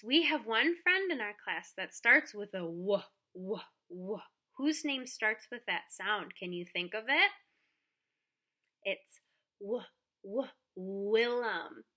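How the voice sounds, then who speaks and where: A woman who teaches preschool, reading a picture book aloud and then walking young children through letters in a gentle, encouraging, sing-song way. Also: on the high side.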